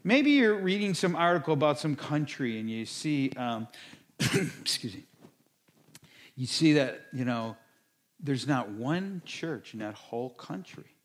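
An animated middle-aged pastor preaching a sermon, his voice a bit high for a man and swinging widely in pitch. He acts out people's reactions in sudden bursts, then drops back to a quieter, earnest tone. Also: unhurried.

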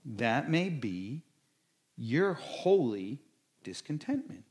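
A middle-aged man preaching a sermon as a pastor, acting out people's reactions in bursts. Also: slow. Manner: animated, acts out quoted reactions with sudden high-pitched bursts.

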